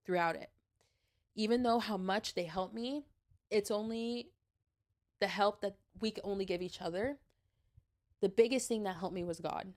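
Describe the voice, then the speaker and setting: A young woman in her twenties hosting a podcast, talking candidly and earnestly, with many "like"s and "um"s. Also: lowish voice. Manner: earnest, confessional, many fillers like "like" and "um". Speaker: podcast host. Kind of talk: candid personal podcast talk.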